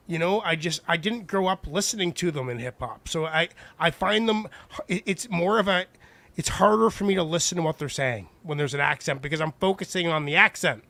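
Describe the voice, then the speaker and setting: A male podcast host chatting casually and rating songs, rambling and animated. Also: on the high side, gravelly. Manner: rambling, animated, self-deprecating.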